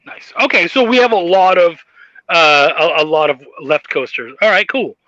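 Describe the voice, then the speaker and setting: Host, male, high bright voice, laughing storyteller, dry muffled call audio. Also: animated, moderate pace, dry recording. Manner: laughs often, retells stories in funny voices. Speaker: podcast host. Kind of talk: casual interview chat. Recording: dull muffled sound.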